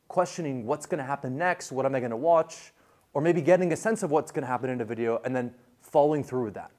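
A man lecturing a class in a casual, animated way, full of fillers and quick restarts. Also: mid-range voice.

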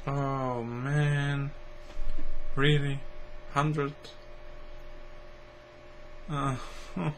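A man with a Croatian accent, hosting a game channel and commenting as he plays, slow and musing, then bursting into excited exclamations. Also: medium pitch, poor audio. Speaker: gaming channel host. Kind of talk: playing and commenting a mobile game. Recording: loud game music over the voice. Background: loud game music.

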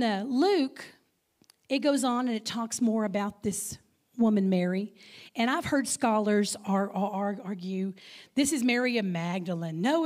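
A woman's voice: fairly high pitch, a little mellow. A middle-aged woman with a Texan accent, a guest speaker giving a conversational sermon that drops now and then into dramatic whispers. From Texas.

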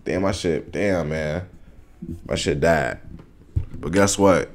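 Young adult male reaction host, low-pitched, casual slang, excitable commentary. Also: slow. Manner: excitable, slangy, talks straight at viewers and the video.

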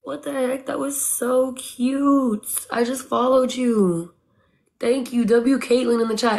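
A woman's voice: fairly high pitch, steady tone, measured pace, darkish tone. A woman streaming live, eagerly urging her viewers on and thanking them by name in casual chatter. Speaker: livestreamer.

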